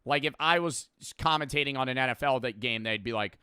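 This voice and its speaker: A man's voice: medium pitch, fast talker, pushed and bright, clear, resonant tone, no room sound, studio quality. A young man streaming, chatting casually in a rambling, profane, offhand way while reacting to a video.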